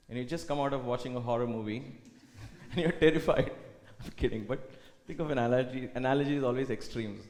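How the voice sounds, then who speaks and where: A man giving a reflective spiritual talk at a retreat, often dropping to a soft hush. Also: medium pitch. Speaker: retreat speaker. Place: retreat hall. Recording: echoey hall with long reverb.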